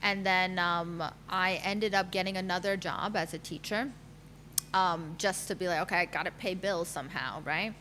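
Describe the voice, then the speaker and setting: A woman's voice: lowish voice, fairly even intonation, moderate pace, bright, forceful tone, a little hiss or hum. A woman in her thirties, a matchmaker, telling her own career story candidly in a podcast interview, with fillers and laughter. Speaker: guest, matchmaker.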